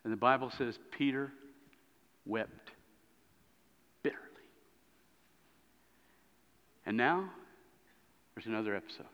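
A man preaching a sermon as a pastor, telling a story with lively swings between loud and hushed moments. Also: medium pitch, a little fast, long pauses. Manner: animated storytelling, dropping to hushed tones. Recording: dull lo-fi sound in a reverberant hall.

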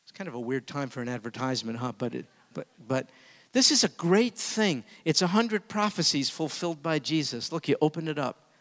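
A man preaching a sermon as pastor, swinging from hushed, intimate asides to booming emphasis. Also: very animated, brisk, in a large hall.

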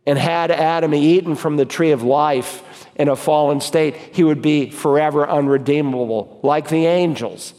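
A man, a pastor, preaching an emphatic sermon and reading scripture slowly and deliberately. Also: a little high, a little mellow. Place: church sanctuary. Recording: long reverb of a church hall.

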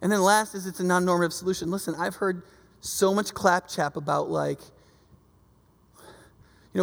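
A preacher giving a casual, conversational sermon, lively and acting out the voices of people in the stories. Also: medium pitch, normal speed, vocal fry, pauses often. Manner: animated, acts out quoted voices. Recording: long reverb of a large hall.

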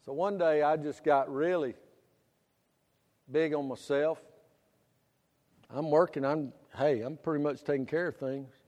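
The middle-aged pastor's sermon comes through muffled, echoing with the lengthy reverb of a church hall. His high, ringing voice holds a steady tone as he builds to loud, drawn-out passages and then settles into quiet, plain narration.

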